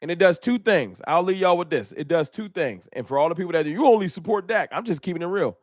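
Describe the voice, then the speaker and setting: A man talks into a close desk mic on a live stream, his voice sitting a little high for a man. He chats loosely and jokes with his viewers, and his pitch jumps up when he laughs at his own bits. The sound is dry and close. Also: expressive, quick pace, no echo. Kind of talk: casual live-stream chat.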